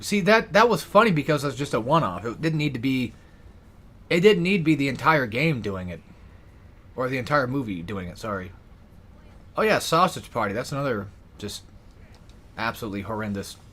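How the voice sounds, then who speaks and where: A man's voice: fairly low pitch, fairly bright tone, slight background noise. A young man giving casual, rambling gameplay commentary, sarcastic and swearing often. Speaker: gaming YouTuber.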